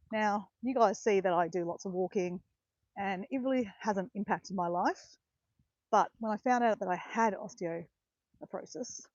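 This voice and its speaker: A woman's voice: medium pitch, darkish tone, no room sound, lo-fi sound. A woman of around fifty chatting casually while walking outdoors, rambling and correcting herself as she goes. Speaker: vlogger. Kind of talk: casual walking vlog chat. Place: outdoors in botanical gardens, walking.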